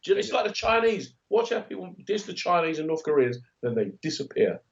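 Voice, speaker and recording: A man's voice: high-pitched, big pitch swings, fast talker, creaky. A middle-aged man co-hosting a podcast in casual comedic banter, blunt and jokey, slipping into silly voices. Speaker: podcast co-host. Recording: muffled lo-fi recording.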